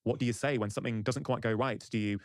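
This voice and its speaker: Brisk male podcast interviewer. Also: medium pitch, fairly even intonation, no echo, clean studio sound. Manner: measured, summarizing, plugs his channel. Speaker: podcast host. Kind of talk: interview conversation.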